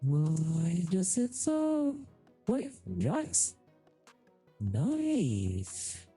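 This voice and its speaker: A woman's voice: fairly low pitch, huge pitch swings, drawn-out words, mellow, slightly rough, faint music behind. A woman streamer in casual chat, testing a voice changer and reacting with baffled mild swearing. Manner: baffled, swearing mildly, laughing at own voice. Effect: voice changer filter.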